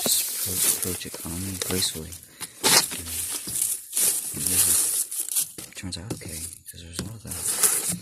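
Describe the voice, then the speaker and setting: A man in a casual vlog, rambling with many fillers, laughing often and drifting between loud and murmured talk. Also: low voice. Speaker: vlogger. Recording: background noise.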